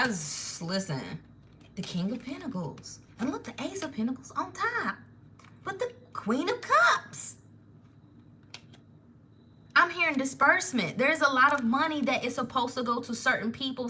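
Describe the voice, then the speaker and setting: A tarot reader leads a live spiritual reading in a bright, forceful, medium-pitched voice. She rambles with animation and emotion, frequently breaking off to chase a fresh thought.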